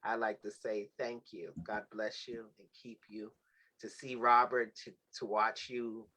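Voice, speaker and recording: A man hosting a livestreamed talk show, giving warm, sermon-like thanks to his guests and team. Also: mid-range voice, rough recording. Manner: effusive, sermon-like praise. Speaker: show host. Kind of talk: heartfelt closing thanks on a livestream.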